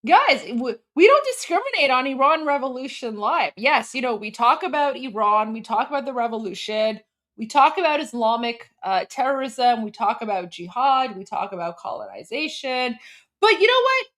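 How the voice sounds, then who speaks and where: A woman in her forties from Canada hosts a casual live stream. She talks in a chatty, giggly way and packs her sentences with fillers. Her voice sits a little higher than most women's. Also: animated, normal speed, fairly bright tone. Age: 40s. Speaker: livestream host.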